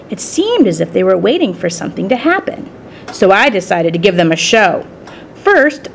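A woman reading a children's story aloud in the first person, with expressive storytelling. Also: medium pitch, vocal fry, a little hiss or hum. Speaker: storybook reader.

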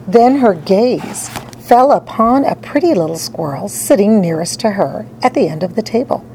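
A woman narrating a children's story in an expressive read-aloud style. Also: medium pitch, moderate pace, slight background noise, low-quality recording. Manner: animated, dramatic storytelling.

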